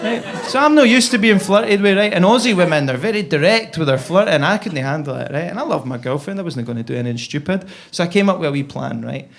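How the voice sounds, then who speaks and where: A man's voice: on the high side, animated, fast talker, vocal fry, few pauses, a faint crowd. A young Scottish man with a Scottish accent doing a chatty, self-deprecating stand-up set on stage. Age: young adult. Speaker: stand-up comedian. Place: comedy club stage.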